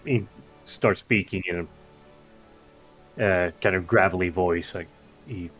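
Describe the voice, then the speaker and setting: A man's voice: sits low, a little slow, pauses often, a bit bright, breathy edge, faint music behind. A man playing a tabletop game, describing his character's actions hesitantly with many fillers and restarts. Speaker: player.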